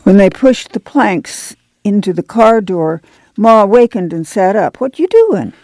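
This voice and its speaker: Seorang wanita membacakan narasi buku audio dengan tempo terukur. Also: female voice, mid-range voice, measured pace, a little mellow, no room sound. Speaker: audiobook narrator. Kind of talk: scripted narration.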